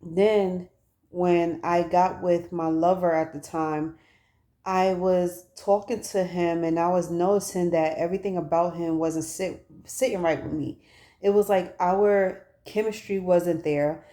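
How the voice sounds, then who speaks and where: A woman's voice: on the low side, fairly even intonation, measured pace, mellow. A woman in her thirties talking casually and candidly to her viewers in a personal vlog, recorded on a phone. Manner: chatty, candid storytelling to viewers. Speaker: vlogger.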